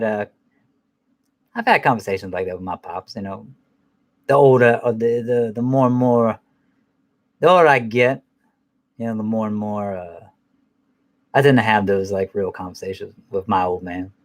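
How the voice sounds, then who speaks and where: A man hosting a casual film review chat, rambling and swearing freely, with many restarts and "man" thrown in. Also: mid-range voice. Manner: laughs at his own jokes.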